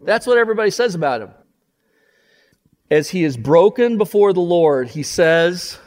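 A man's voice: high voice, big pitch swings, normal speed, big-room sound. A man preaching a sermon, passionately voicing a repentant sinner's confession.

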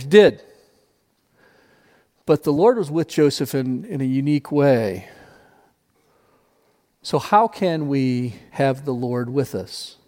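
A man preaching a sermon as pastor, emphatic, repeating key phrases and slowing down to stress them. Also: medium pitch, darkish tone, long reverb tail.

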